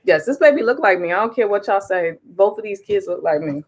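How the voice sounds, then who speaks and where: A woman's voice: medium pitch, lively intonation, fairly quick. A woman co-hosting a family vlog as a parent, upbeat and teasing, directing her kids on camera. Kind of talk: casual family chat.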